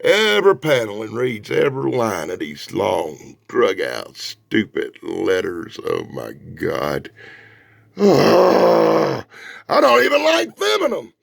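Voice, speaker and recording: A man giving a casual, sarcastic comic book review, dropping from loud outbursts to low mutters. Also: slow pace, vocal fry, dry recording, clean studio sound. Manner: animated, sarcastic, swings from loud to mumbling.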